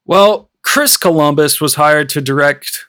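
A man's voice: fairly high pitch, unhurried, sharp tone, smooth. A man co-hosting a film podcast in casual chat, rambling and swearing freely, with lots of "like" and "you know". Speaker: podcast co-host.

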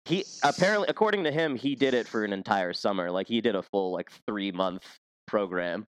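A man's voice: lowish voice, animated, fairly quick, clear, resonant tone. A man co-hosting a podcast, telling stories in casual chat, rambling with plenty of filler words. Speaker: podcast co-host.

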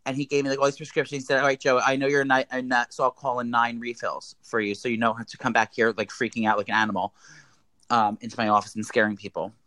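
A man's voice: mid-range voice, no room sound. A man telling a rambling, profane story as a podcast co-host. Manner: rambling, profane, animated retelling. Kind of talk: casual storytelling chat.

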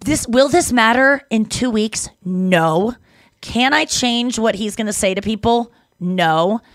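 A young adult woman co-hosting a podcast in casual chat. She tells stories in a lively way, acts out other people's lines, and swears freely. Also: a little high, slow pace, no room sound, clean studio sound. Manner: animated storyteller who acts out quotes and swears freely. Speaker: podcast co-host.

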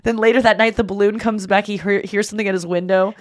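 A woman podcast host and comedian telling a casual story in an animated, giggly way, full of fillers. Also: medium pitch, fast talker.

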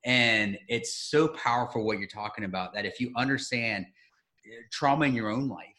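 A man's voice: medium pitch, moderate pace, pushed and bright. A man hosting an interview podcast who speaks in an earnest, enthusiastic way and repeats his phrases. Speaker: podcast host.

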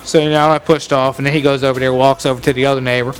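A man's voice: mid-range voice, level tone, racing, soft background music. A man telling a long, profane story on a podcast, acting out both sides of an argument. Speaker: podcast co-host. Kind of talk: casual storytelling chat.

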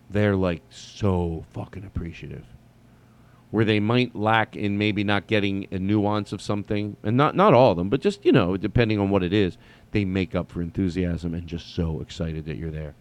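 A man hosting a solo comedy podcast, talking casually and rambling with restarts and swearing. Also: sits low.

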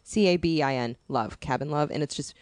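A woman co-hosting a casual podcast chat, animated and profane, spelling out names as she recommends things. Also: low-pitched, fairly quick, no echo, studio quality. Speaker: podcast co-host.

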